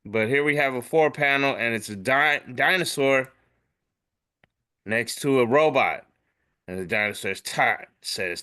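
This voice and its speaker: A man hosting a podcast, casually describing memes and jumping into animated voices for the captions. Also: medium pitch, unhurried, smooth. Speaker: podcast host.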